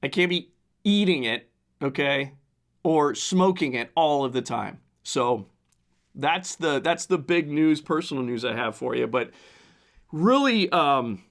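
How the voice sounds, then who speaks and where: A man of fifty hosts a casual solo podcast, his voice hoarse and cracking from the flu. He rambles with many restarts, speaking fairly high with a lively, swooping pitch. He talks into a desk mic at home. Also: unhurried. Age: 50s. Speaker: podcast host.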